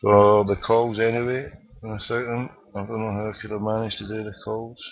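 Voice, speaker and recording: A man's voice: fairly low pitch, flat delivery, normal speed, no echo. A man with a Glasgow Scottish accent hosting an internet show, talking in boisterous, rambling, wisecracking patter. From Scotland. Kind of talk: jokey call-in banter. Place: parked car. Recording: dull lo-fi webcast audio.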